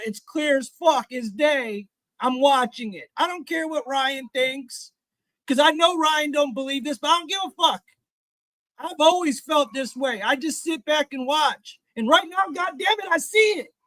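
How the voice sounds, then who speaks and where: A man hosting a live stream, ranting in a heated, profane way and often shouting. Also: very high-pitched, dry recording. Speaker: livestream host. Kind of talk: profane live reaction rant.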